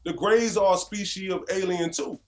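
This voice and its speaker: A man from North Carolina, a guest musician telling stories in a casual interview, animated and conversational. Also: high-pitched, moderate pace, soft background music. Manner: animated, conversational, leans on "you know what I'm saying".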